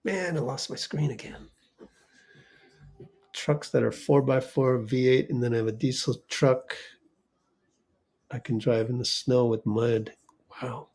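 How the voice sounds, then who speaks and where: A man hosting a fan watch party stream, giving casual play-by-play, reacting loudly to plays and reading the chat aloud. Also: medium pitch, steady tone, measured pace, long pauses.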